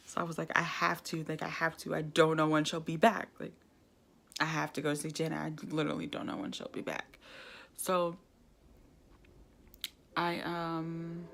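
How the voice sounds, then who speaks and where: A young woman vlogger telling a lively personal story, laughing often and acting out what people said. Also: deep voice, creaky. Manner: animated storytelling, laughs often, acts out quoted dialogue. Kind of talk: casual storytime vlog.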